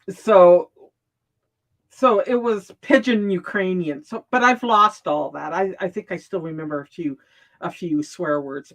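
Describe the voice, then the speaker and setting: A woman talking in a casual opinion chat, halting and restarting often, with frequent laughs. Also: fairly low pitch.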